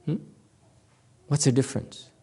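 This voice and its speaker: A Zen teacher giving a dharma talk, laughing often and acting out the masters' lines, sometimes halting and repeating words. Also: dark tone.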